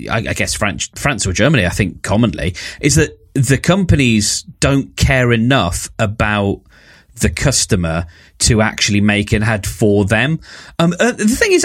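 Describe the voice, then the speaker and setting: A British man co-hosting a casual comedy podcast, ranting with a lively, swooping delivery. His pitch jumps up and down as he works himself into mock outrage. He talks in an easygoing, conversational way. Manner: animated ranting with mocking put-on voices. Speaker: podcast co-host.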